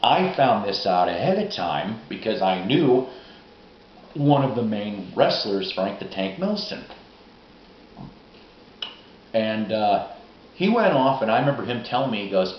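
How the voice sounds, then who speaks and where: A middle-aged man telling rambling, profane, excitable stories in a casual vlog monologue. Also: medium pitch, measured pace, a little hiss or hum. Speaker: vlogger. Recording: roomy, dull lo-fi recording.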